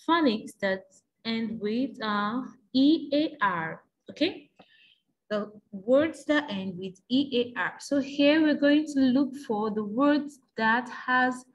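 A woman's voice: fairly high pitch, lo-fi sound. A woman teacher taking young pupils through an exam revision lesson, asking patient prompting questions in a sing-song way.

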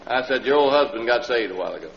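A man's voice: medium pitch, lively intonation, rapid-fire, gravelly. A man preaching a sermon, telling a story in a folksy way and acting out the voices of the people in it. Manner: folksy storyteller who acts out the people in his story, rising to loud pleading. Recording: old LP sermon with hall reverb, dull lo-fi sound and faint hum.

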